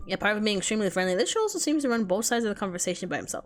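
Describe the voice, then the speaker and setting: A woman's voice: mid-range voice, expressive, faint music behind. Swearing young woman reading a game. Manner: quick, profane, self-deprecating banter. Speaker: streamer. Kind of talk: reading a visual novel aloud with commentary.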